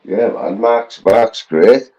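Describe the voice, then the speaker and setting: Laid-back scouse fella rambling on, dark mellow voice, muffled audio. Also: male voice, fairly low pitch, slow pace. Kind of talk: casual chat. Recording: dull lo-fi audio.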